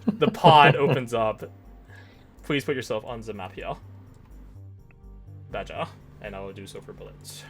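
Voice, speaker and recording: A man running a tabletop game as game master, narrating in a lively, jokey way. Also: medium pitch, measured pace, pauses often, music in the background.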